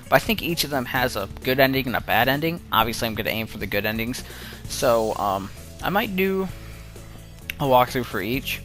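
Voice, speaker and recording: A man's voice: medium pitch, animated, fairly bright tone, soft background music. Young man rambling over a visual novel. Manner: rambling, self-interrupting, quick to laugh. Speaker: let's play gamer. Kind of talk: reading a visual novel aloud with chatty asides.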